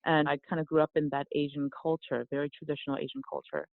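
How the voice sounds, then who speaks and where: A woman who grew up in South Korea, a yoga teacher and guest, telling a personal story in a soft, reflective way with frequent restarts. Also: deep voice, steady tone, fast talker, vocal fry, no room sound. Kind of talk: conversational storytelling. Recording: dry, phone-like remote line.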